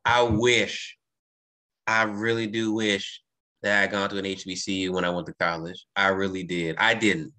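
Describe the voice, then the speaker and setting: A woman's voice: a bass voice, fairly even intonation, moderate pace, bright, forceful tone. A woman hosting a podcast interview, speaking emphatically and giving frequent affirmations. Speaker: podcast host. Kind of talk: casual interview conversation.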